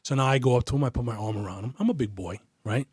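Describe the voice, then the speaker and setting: New guy, ex-detective, cursing his way thru a story, mid pitch, dead dry sound. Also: very fast, slightly rough, dry recording. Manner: profane, animated, acts out quoted voices. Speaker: podcast guest, retired detective. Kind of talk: casual storytelling.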